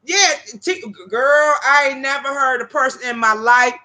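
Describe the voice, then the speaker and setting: Talking to her live chat as "y'all," a woman streamer spins brash, profane stories casually. She speaks at a normal speed in a high voice that sounds pushed and bright.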